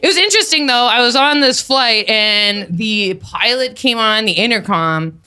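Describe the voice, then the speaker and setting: A woman comedian performing a stand-up set, telling offbeat stories deadpan and breaking into sudden shouted bits. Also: fairly high pitch, normal speed, over a noisy crowd. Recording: live comedy set, loud audience laughter.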